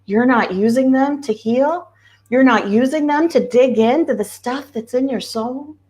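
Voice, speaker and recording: A woman's voice: high voice, measured pace, darkish tone. A woman spiritual coach talking casually to her viewers, earnest and repeating key phrases for emphasis. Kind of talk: casual livestream talk.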